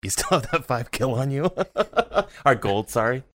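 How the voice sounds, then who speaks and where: A man's voice: mid-range voice, lively intonation, unhurried, a bit bright. A man playing in a tabletop game, joking and teasing the others. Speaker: player. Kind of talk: casual tabletop chat.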